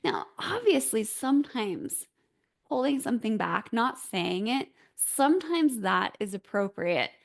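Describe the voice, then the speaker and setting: A woman hosting a solo advice talk, coaching listeners on how they speak with clear, deliberate explanations and emphatic rises. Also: a little high, sing-song. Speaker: host, voice coach.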